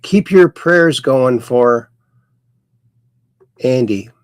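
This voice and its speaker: A man's voice: mid-range voice, expressive, drawn-out words, smooth, dry recording, studio quality. A man hosting a casual livestream, reading viewers' chat messages aloud in a folksy, playful sing-song way. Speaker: host.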